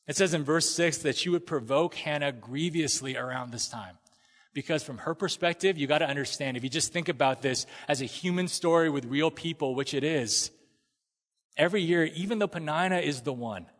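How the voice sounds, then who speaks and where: A man preaching a sermon in a conversational, animated way, sometimes acting out the people in the story. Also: medium pitch. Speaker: pastor. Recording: long hall reverb.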